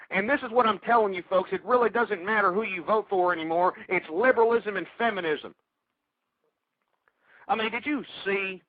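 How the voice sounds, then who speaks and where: A man's voice: sits high, dry recording. A man hosting a political talk radio show, ranting angrily and hurling insults at his listeners. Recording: tinny phone-like radio audio.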